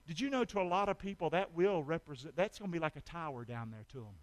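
A man preaching a sermon as pastor, calling for amens and swinging from loud shouts to hushed asides. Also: on the high side, lively intonation, fast talker.

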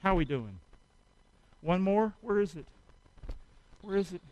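A male pastor preaches to his church, with a high-pitched voice recorded close and dry. He exhorts the listeners and keeps calling for their response, breathing hard from the effort. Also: animated, measured pace, a little mellow, no room sound, lo-fi sound. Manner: exhorting, calls for congregation response. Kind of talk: sermon with a live demonstration.

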